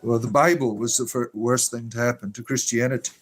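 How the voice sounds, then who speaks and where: A man hosts a laid-back livestream, reading out the chat with a medium-pitched, steady, fairly bright voice at a fairly quick pace. There's slight background noise and faint music, and his talk is rambling, irreverent, profane, and filler-heavy, occasionally moving off-mic.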